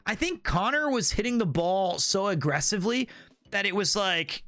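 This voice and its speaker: A man streaming casual chat with his viewers in an animated, playful way, riffing on slang and trip stories and laughing at his own jokes. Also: sits high, normal speed, no room sound. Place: Tokyo, Japan.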